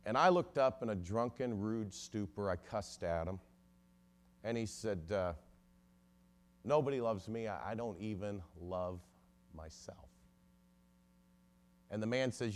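A man with a somewhat low voice preaches a sermon as a story. He quotes the people in it as he goes, his volume surging up and then falling away to almost nothing. He sounds like a lawyer addressing a church. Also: animated, measured pace, pauses often. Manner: storytelling with sudden swells and drops in loudness.

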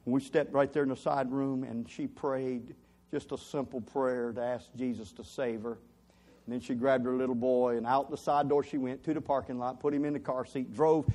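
A man as a pastor, preaching a sermon as an animated story with rising emphasis. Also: medium pitch, moderate pace.

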